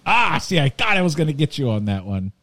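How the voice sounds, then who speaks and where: A man's voice: fairly high pitch, sing-song, fairly quick, vocal fry, fairly bright tone, dry recording. A man in his thirties hosting a podcast, chatting casually and teasing his co-hosts. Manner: teasing, joking. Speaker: podcast host. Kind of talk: casual chat.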